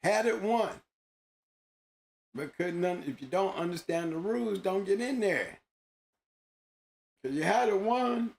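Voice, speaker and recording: A man's voice: high voice, creaky, darkish tone. A man hosting a show, talking casually in an emphatic, slangy way, often repeating himself. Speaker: host. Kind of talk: casual monologue.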